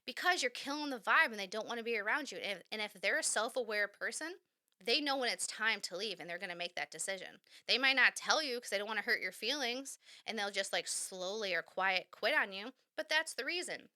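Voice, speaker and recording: A woman's voice: medium pitch, lively intonation, a little fast, pushed and bright. A woman hosting a podcast, talking frankly and animatedly on her own, acting out little quoted voices and swearing casually. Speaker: podcast host. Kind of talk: candid solo podcast talk.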